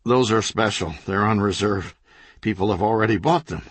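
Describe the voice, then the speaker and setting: A man voicing a panicky, bossy male bookstore owner who snaps and shouts at his customers. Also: on the low side, normal speed, slightly rough, no room sound. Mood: flustered. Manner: frantic, snapping.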